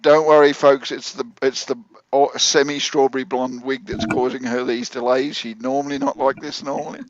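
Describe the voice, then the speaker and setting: A man's voice: medium pitch, flat delivery, moderate pace, crowd noise. Cheeky older man on a call. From Australia. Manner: cheeky, blunt. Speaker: panelist. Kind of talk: casual chat. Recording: slightly dull video call.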